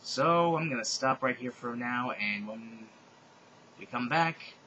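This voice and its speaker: A man giving a comedic dramatic reading of a fan fiction, mock-serious with sarcastic deadpan asides. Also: medium pitch, slow pace, muffled recording, slight background noise.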